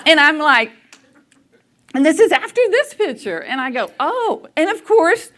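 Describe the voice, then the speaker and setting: With a high, bright voice at a moderate pace, a middle-aged woman tells a church audience a family story. She is very animated, laughs a lot and acts out what people said.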